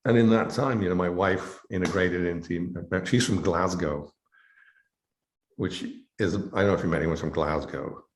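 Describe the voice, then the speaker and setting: A man's voice: low voice, normal speed, a little hiss or hum. A middle-aged English man, a professor being interviewed, talking casually and rambling with many fillers and restarts. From England. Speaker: interview guest, biochemistry professor. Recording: echoey room.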